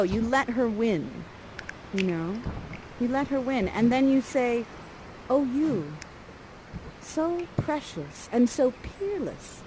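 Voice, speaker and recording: A woman directing a live Shakespeare performance, coaching the players and reading their lines softly. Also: on the high side, a little hiss or hum, low-quality recording. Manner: animated, coaching, reads lines aloud in a soft voice. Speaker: theatre director coaching actors.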